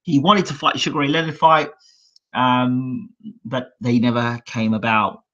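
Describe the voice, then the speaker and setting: Animated British man telling boxing stories. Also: mid-range voice, measured pace. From United Kingdom. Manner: reenacts shouts and quotes, rambling with fillers. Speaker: boxing channel host. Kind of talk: animated storytelling monologue. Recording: dull lo-fi sound.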